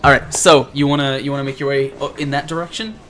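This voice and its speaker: A man's voice: medium pitch, steady tone, quick pace, a bit bright, soft background music. Rambling male game master. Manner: rambling, searching for words mid-sentence. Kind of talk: narrating a tabletop game.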